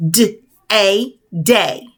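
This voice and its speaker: A woman teacher leading a spelling lesson for young children, spelling words out letter by letter in a slow, clear, encouraging way. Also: mid-range voice, fairly bright tone.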